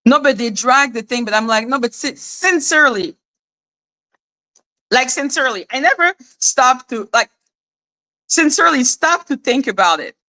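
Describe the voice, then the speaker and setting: Woman, bright tense voice, fairly high, sarcastic rant, swears, mocking highs and flat lows. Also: normal speed, long pauses. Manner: sarcastic, exasperated, swears freely, laughs often; jumps between high mocking tones and low deadpan asides. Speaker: commentary channel host. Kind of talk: casual ranting monologue.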